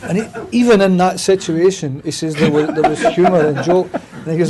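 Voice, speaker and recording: A man's voice: on the high side, fairly even intonation, a little fast, crowd noise. A Scottish man chatting as a guest, telling stories at length and saying "aye" a lot. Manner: chatty storyteller, says "aye" often. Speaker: guest comedy writer promoting a play. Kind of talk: casual chat.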